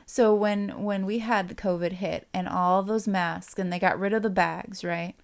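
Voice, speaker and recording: A woman co-hosting a podcast in casual chat, laughing often and getting animated when annoyed. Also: medium pitch, normal speed, vocal fry. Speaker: podcast co-host.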